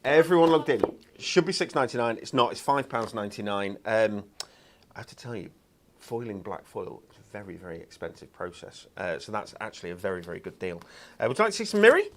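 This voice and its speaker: A man's voice: fairly low pitch, very animated, fast talker. A man presenting craft products on a live shopping show, chatty and enthusiastic, with lots of ums and uhs.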